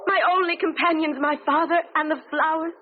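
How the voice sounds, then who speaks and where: A woman plays a lonely young maiden with a high voice, pleading her innocence. It sounds thin and tinny, like an old radio broadcast with faint hiss. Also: steady tone, a little fast, lightly acted. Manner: pleading, emotional. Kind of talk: 1970s radio drama acting.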